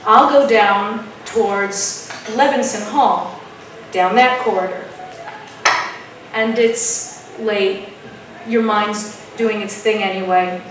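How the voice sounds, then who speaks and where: A woman telling a spooky story at an open mic, dramatic and dropping to a hush at tense moments. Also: mid-range voice, slow, noisy background. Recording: echoey room from far off.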